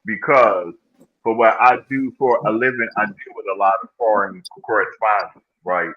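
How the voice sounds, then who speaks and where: A man's voice: lowish voice, steady tone, normal speed, dull audio. A man in his sixties hosting a casual live group chat, telling stories and checking in with "right?" as he goes. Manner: storytelling, keeps checking in with "right?".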